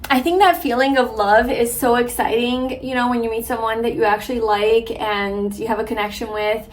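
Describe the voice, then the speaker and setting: A woman's voice: a little high, fairly even intonation, normal speed, hardly any pauses. A young woman giving a casual tarot reading to a viewer, chatty and full of filler words. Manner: chatty, warm-hearted, lots of filler likes and ums. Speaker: tarot reader.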